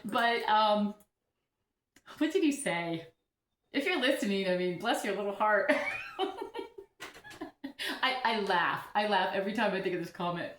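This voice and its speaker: A woman's voice: medium pitch, moderate pace, fairly bright tone, slight background noise. Chatty, giggly woman in an echoey room. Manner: chatty, giggly, self-deprecating. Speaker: orchid vlogger. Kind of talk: casual vlog chat. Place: home room with orchids.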